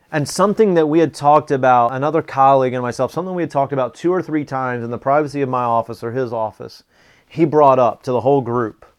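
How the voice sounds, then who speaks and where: Middle-aged man, motivational talk, earnest, repeats key phrases, personal stories. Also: medium pitch. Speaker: speaker teaching a planning method.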